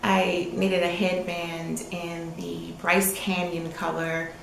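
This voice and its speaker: A woman's voice: on the low side, level tone, slow, gravelly, reverberant, slight background noise, rough recording. A woman co-hosting a podcast, chatting with enthusiasm about her knitting and often trailing off. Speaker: podcast co-host. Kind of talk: casual chat about knitting.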